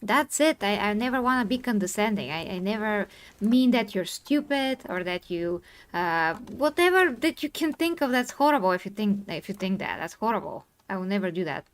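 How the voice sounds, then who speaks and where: A woman streamer in a live discussion, earnest and insistent, explaining herself and quick to apologize. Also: mid-range voice, lively intonation. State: tired from talking.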